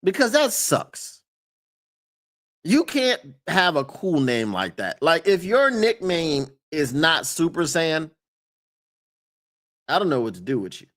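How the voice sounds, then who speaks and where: A man chatting on a live stream as its host, casual and emphatic, often laughing and repeating a point for effect. His voice sits a little high for a man and swings widely in pitch as he gets worked up. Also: huge pitch swings, takes it slowly, long pauses, a bit bright.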